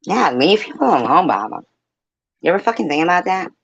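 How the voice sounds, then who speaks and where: A woman's voice: on the low side, big pitch swings, fairly quick, vocal fry, husky, dry recording. A woman streamer talking to her viewers in a blunt, heated, profane rant. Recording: dull, lo-fi, dry mic.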